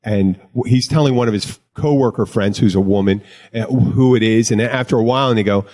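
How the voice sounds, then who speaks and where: A man's voice: lowish voice, brisk, mellow. A man hosting a casual podcast chat, rambling and joking, often interrupting himself. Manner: rambling, jokey, self-interrupting. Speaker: podcast host, bartender.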